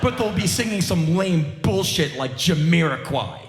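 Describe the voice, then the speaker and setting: A man in his forties giving an animated live spoken word monologue on a theater stage, with sudden loud outbursts. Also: fairly high pitch, normal speed, music in the background. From United States. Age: 40s. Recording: roomy live theater sound.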